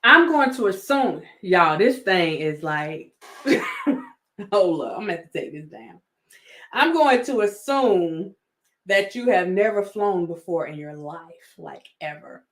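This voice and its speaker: Sassy Southern woman, lively pitch. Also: takes it slowly. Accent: Southern American. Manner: sassy, laughing, rhetorical, talks to viewers as "child". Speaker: YouTube commentary host. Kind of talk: casual commentary vlog.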